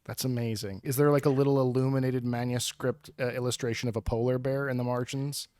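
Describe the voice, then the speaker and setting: A man's voice: mid-range voice, flat delivery, a little mellow, dry recording. Brief: male podcast co-host, inquisitive, reactive, dry close sound. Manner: curious, quick to react. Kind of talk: casual chat.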